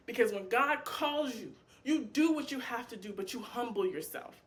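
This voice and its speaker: Woman Bible teacher with a slightly high voice. Impassioned and animated, speaks casually and acts out prayers and dialogue. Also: normal speed. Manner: colloquial, addresses listeners as y'all. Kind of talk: informal Bible study teaching.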